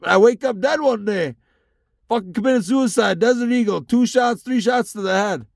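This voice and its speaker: Young man ranting profanely, gravelly and high. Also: normal speed, no room sound, studio quality. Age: young adult. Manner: profane, rambling, heated. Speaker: solo podcast host. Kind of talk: casual solo rant. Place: inside his truck.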